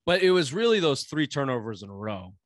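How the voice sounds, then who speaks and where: Profane, rambling New England sports talker. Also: male voice, medium pitch, sing-song, fairly quick, no echo. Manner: rambling, profane, frequent fillers. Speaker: sports podcast co-host. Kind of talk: casual sports chat.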